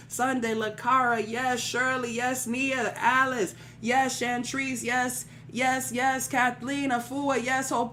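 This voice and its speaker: A woman's voice: fairly high pitch, fairly bright tone, slight background noise. A woman leading a livestream prayer teaching, preaching in casual, colloquial speech, repeating phrases rhythmically and calling out listeners by name. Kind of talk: livestream sermon-style teaching.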